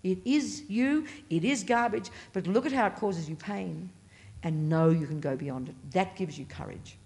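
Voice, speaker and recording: Woman teaching buddhism to a class, lowish voice, punchy and blunt, jumps up on key words. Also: normal speed, gravelly, darkish tone. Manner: emphatic, blunt and playful; pitch leaps up on stressed words. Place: meditation center classroom.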